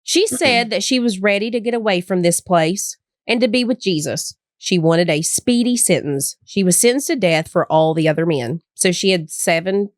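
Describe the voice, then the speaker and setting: A woman's voice: medium pitch, expressive, moderate pace, few pauses, no room sound, clean studio sound. A woman co-hosting a casual true-crime podcast, chatty with many fillers, reading case notes aloud. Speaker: podcast co-host.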